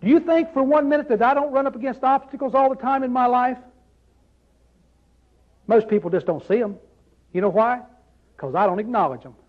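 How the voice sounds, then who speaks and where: A man's voice: very high voice, fairly quick, pauses often, lo-fi sound. A man preaching a sermon in a conversational way, often asking the congregation rhetorical questions.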